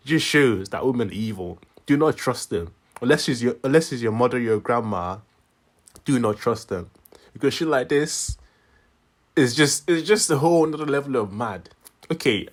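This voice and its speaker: A man's voice: medium pitch, animated, a little fast. A young man with a Yorkshire accent tinged with Nigerian, rambling through casual solo commentary from his room, chuckling often. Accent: Yorkshire English with a Nigerian tinge. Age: young adult. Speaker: channel host.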